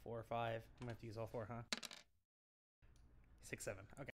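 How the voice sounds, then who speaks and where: A man playing a tabletop game who mutters quietly to himself while counting. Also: mid-range voice, level tone, brisk, noisy background. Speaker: player. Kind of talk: casual tabletop game chat.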